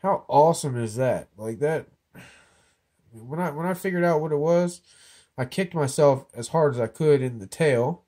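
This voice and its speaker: This metal detecting vlogger, fighting a cold and clearing his throat, presents his finds from an office. He speaks at a fairly high pitch with a dark tone and moderate pace, keeping things relaxed, jokey, and slightly meandering.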